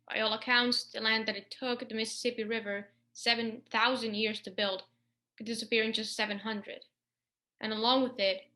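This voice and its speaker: A woman playing a reporter who narrates her trip down the coast, describing places in a steady, reflective way. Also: fairly high pitch. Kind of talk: stage narration.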